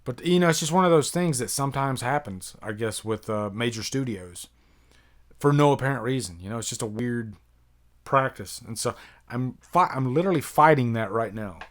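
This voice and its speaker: An American man in his thirties hosts a live-stream Q&A, thinking aloud with plenty of ums and asides. His voice sits at an ordinary middle pitch and he talks into a desktop microphone. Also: animated, normal speed. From United States. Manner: rambling and chatty, many fillers, reads out viewer questions. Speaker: YouTube horror movie reviewer, live stream host. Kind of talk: casual live-stream Q&A chat.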